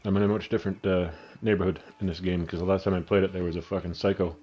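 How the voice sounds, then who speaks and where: Low, mellow-voiced Canadian man. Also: little pitch movement, very fast, slightly rough, muffled recording. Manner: profane, rambling. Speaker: gaming vlogger. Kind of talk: casual storytelling over gameplay.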